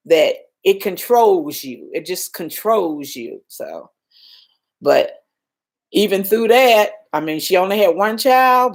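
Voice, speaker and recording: Shaken older woman on a live stream. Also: medium pitch. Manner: emotional, reassuring, reads viewer comments aloud. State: shaken, calming down. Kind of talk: casual live stream chat.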